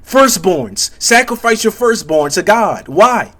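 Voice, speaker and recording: Young male content creator with a high voice, halting and repetitive, musing aloud to his audience. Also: animated, sharp tone. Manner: halting, many restarts, keeps asking "you see what I'm saying". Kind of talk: rambling spiritual commentary monologue.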